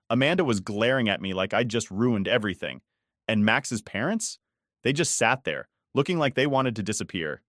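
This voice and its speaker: A man's voice: fairly low pitch, fairly bright tone, no echo, clean studio sound. A man narrating a first-person story in a conversational, exasperated way.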